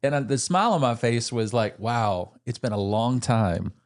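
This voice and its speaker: A man's voice: mid-range voice, normal speed. A man co-hosting a podcast, telling stories in casual chat, acting out the voices he quotes and laughing often. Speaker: podcast co-host.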